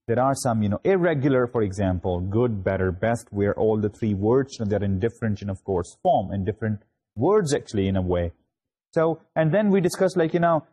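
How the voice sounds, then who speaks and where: A man with a Pakistani English accent giving a university grammar lecture, halting, with many fillers and restarts. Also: mid-range voice, mellow. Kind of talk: recorded lecture recap.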